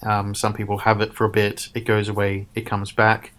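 A man's voice: lowish voice, completely flat delivery, normal speed, fairly bright tone. A man co-hosting a casual chat, ranting sarcastically and swearing. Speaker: podcast co-host.

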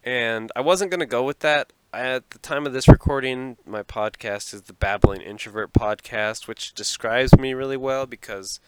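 Guy rambling solo on his podcast from a closet, self-deprecating, laughs a lot, smooth resonant voice. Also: mid-range voice, moderate pace, hardly any pauses, dry recording, rough recording. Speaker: podcast host. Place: small closet.

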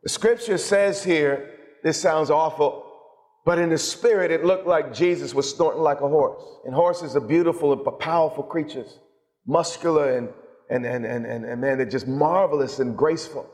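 Impassioned preacher with a higher voice in a reverberant hall. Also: male voice, moderate pace, a little mellow. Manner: impassioned, emphatic preaching with repeated restarts. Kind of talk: sermon.

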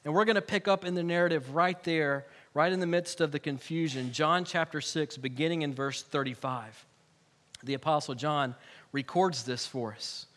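High-voiced man preaching a sermon. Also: normal speed, a bit bright. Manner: conversational preaching with humorous asides. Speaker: pastor.

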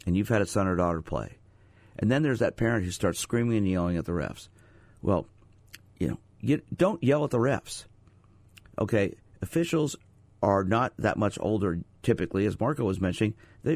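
A man's voice: on the low side, vocal fry, a little mellow, no room sound. A middle-aged man hosting a radio talk show as a sports psychologist, telling stories and asking the audience rhetorical questions. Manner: storytelling, conversational, rhetorical questions. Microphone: studio microphone. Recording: dry studio sound.

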